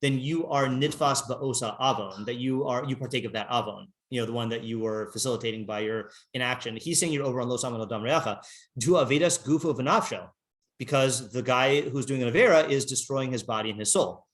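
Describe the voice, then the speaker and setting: A man teaching an informal text class, halting and rambling with many fillers, reading Hebrew passages aloud and translating them. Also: medium pitch.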